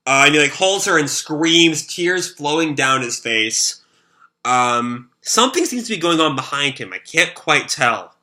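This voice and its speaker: A man's voice: on the high side, lively intonation, measured pace, pushed and bright. A man with a sore throat recapping a manga chapter live, rambling and full of fillers. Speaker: manga reaction host.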